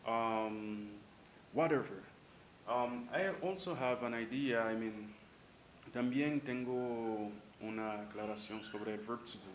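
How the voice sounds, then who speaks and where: A man's voice: on the low side, a little slow. Casual bilingual male English teacher. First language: Spanish. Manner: casual, repeats example sentences, switches languages. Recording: echoey room, faint background noise.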